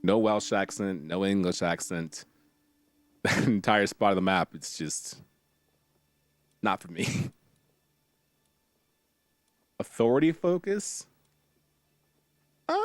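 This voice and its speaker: Playful low-voiced man streaming a strategy game. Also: slow, pauses often, no room sound. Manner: playful, jokey, chats with viewers, bursts of excited exclamations. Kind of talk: casual game commentary, reading tutorial text aloud.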